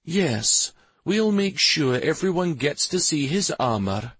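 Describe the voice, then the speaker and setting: A man's voice: a little high, big pitch swings, takes it slowly, fairly bright tone, breathy edge, no room sound, voice pushed up, full character voice. A man doing an amused young royal woman. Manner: lightly teasing.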